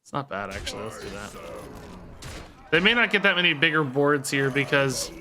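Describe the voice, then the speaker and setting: A man streaming gameplay talks through his choices and criticizes himself, repeating points along the way, while sore and tired from sport. His medium-pitched voice is sing-song and sharp at a moderate pace, with a little hiss or hum in the audio.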